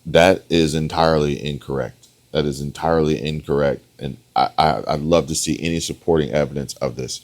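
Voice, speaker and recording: A man's voice: very deep voice, steady tone, brisk, hardly any pauses. A man giving emphatic reaction commentary, repeating his points and talking straight to his viewers. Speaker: political commentator.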